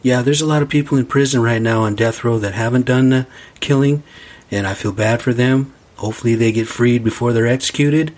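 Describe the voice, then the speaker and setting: A man's voice: mid-range voice, brisk, darkish tone. A man hosting a solo podcast and rambling into a profane, ranting monologue. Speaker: podcast host.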